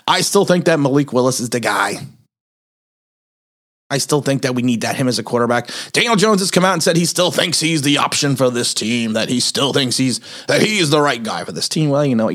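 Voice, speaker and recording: A man's voice: mid-range voice, a bit bright. A middle-aged man hosting a casual sports monologue, rambling with restarts and self-mocking laughs, sounding tired and grumpy. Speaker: sports podcast host.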